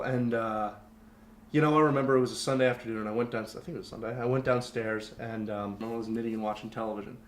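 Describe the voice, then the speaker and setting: A man's voice: medium pitch, steady tone, quick pace. Candid young man, echoey room. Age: young adult. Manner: candid, rambling, heavy with fillers. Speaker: podcast guest. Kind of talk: personal storytelling in conversation. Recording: roomy echo, faint background noise.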